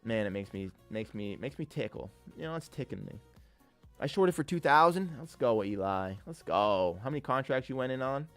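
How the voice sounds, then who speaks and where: A young man live-streaming his day trading, excitable and swearing often as he talks to his chat. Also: medium pitch, brisk. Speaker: livestreaming day trader. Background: faint music.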